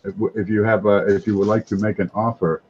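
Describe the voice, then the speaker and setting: A man hosts a casual auction live stream, his voice sitting a little low. He slips into a jokey mock sales pitch. The sound is dull and lo-fi, with faint noise underneath. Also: fairly even intonation, quick pace, darkish tone.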